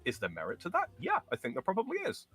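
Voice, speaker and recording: Bright-voiced man, halting and measured. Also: sits high, wildly swooping pitch, breathy edge, soft background music. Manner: halting, many fillers and restarts, measured argument. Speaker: podcast guest. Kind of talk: casual political chat.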